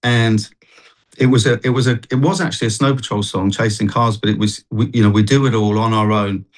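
A man's voice: on the low side, steady tone, fairly quick, poor audio. A man, a guest on a TV chat show, telling a personal faith story in an earnest, rambling way with many restarts. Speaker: guest, street worship singer.

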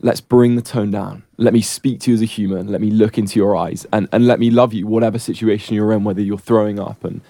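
A man guesting on a radio show, speaking in a measured, reflective way. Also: lowish voice, fairly even intonation, mellow, dry recording. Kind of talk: casual radio chat.

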